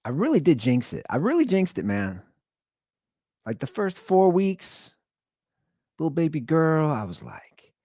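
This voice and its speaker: A man's voice: mid-range voice, sing-song, slow pace, pauses often, a little mellow, no echo, studio quality. A tired man hosting a podcast, talking in a blunt, rambling casual monologue full of restarts. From Cincinnati area. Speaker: podcast host.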